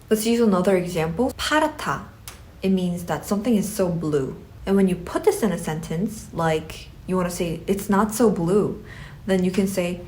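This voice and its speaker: A woman with a lowish voice walks through pronunciation rules in a patient, explanatory way. She repeats example words slowly and clearly for the learner. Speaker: Korean language teacher.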